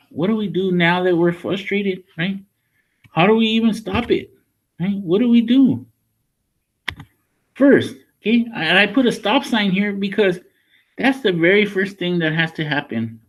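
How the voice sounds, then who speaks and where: High-voiced man counseling kids. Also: lively intonation, measured pace. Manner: conversational, checks in often with "right?" and "okay?". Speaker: school counselor. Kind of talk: talking a class of children through a lesson.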